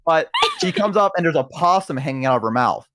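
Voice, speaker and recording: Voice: medium pitch, animated, brisk, very noisy. A streamer chatting casually on a stream, telling a story animatedly and acting out voices. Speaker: streamer guest.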